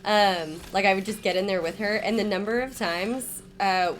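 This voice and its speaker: A woman's voice: medium pitch, moderate pace, a little hiss or hum, poor audio. Giggly young woman, game stream chat. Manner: giggly, chatty. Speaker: streamer co-host. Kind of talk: casual chat while gaming.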